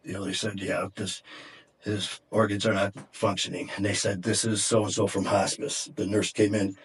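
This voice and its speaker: A middle-aged man from Detroit, a podcast guest, telling a personal story in a candid, halting way with many fillers and restarts. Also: on the low side, flat delivery. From Detroit, USA.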